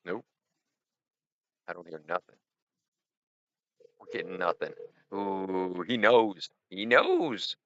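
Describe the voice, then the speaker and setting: A man's voice: low voice, slow pace, long pauses, fairly bright tone, a little hiss or hum. A man hosting a casual livestream, rambling and joking as he talks to his viewers. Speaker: livestream host. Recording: dry, dull lo-fi sound.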